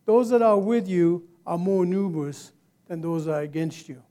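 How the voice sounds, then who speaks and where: A man preaching a sermon to a congregation, leading them in call-and-response and rising to loud exclamations. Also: high-pitched, normal speed. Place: church service.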